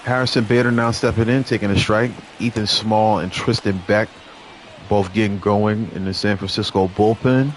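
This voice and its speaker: A young man giving play-by-play commentary over a baseball video game, chatty with viewers and lively on big plays. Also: lowish voice, normal speed, a little hiss or hum. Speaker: gaming channel host.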